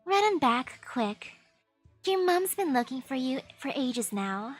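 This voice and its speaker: High-voiced playful woman streamer. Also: takes it slowly, faint music behind. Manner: playful, animated, switches voices for characters. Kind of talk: reading game dialogue aloud with commentary.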